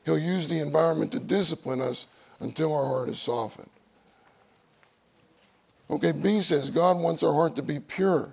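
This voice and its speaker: A man's voice: fairly high pitch, vocal fry, darkish tone. A man preaching a sermon, reading outline points aloud and repeating key phrases for emphasis.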